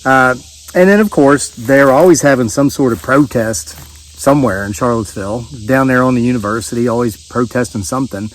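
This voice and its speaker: A man's voice: medium pitch, a little fast, low-quality recording. Older man telling a rambling story outdoors. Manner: rambling, folksy, with many fillers and restarts. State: sweaty in the heat. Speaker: vlogger. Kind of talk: casual storytelling to camera. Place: outdoors on a rural homestead.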